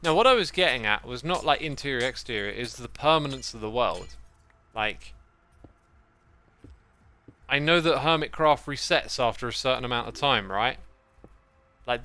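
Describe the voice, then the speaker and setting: A man's voice: mid-range voice, pushed and bright. A man talking casually to his livestream chat while playing a game, thinking aloud and rambling. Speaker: game streamer. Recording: faint background music.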